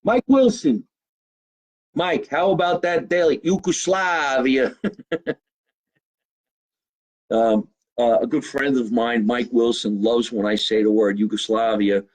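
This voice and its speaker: A man's voice: medium pitch, a little slow, long pauses, darkish tone, poor audio. A middle-aged man with a New Jersey accent, a comedian hosting a loose, profane live stream from his home basement and joking with viewers. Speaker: comedian host. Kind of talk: casual live-stream chat.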